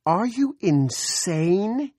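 A man voicing a frightened, indignant young woman in an audiobook, her lines raised high and loud in shrill protest. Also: animated, normal speed, husky, no echo, studio quality. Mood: wailing. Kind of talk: audiobook character voice.

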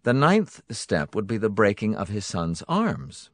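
Lively low-voiced male narrator. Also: unhurried, dry recording, studio quality. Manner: dramatic, varied, tense. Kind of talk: audiobook narration.

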